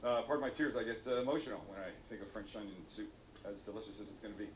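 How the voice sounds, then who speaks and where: A man's voice: lowish voice, rapid-fire, reverberant, slight background noise. A man hosting a cooking video, chatty and jokey, poking fun at himself as he cooks. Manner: jokey, self-mocking, chatty. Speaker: cooking show host.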